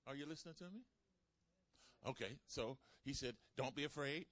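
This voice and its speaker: A man's voice: mid-range voice, moderate pace, no room sound. Male pastor preaching with dynamic swings. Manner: call-and-response preaching, swings from loud to soft. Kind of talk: sermon.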